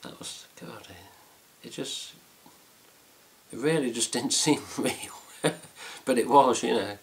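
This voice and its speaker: A slow, gravelly, medium-pitched English man, a fan site vlogger, chats to camera about a trip. His casual telling drifts along with fillers and mild swearing.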